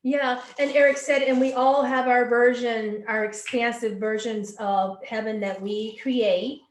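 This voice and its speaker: A woman's voice: a little high, fairly even intonation, a little slow, a little hiss or hum. A woman working as a psychic medium, relaying channeled answers in a flowing, earnest way and repeating words for emphasis. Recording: echoey room.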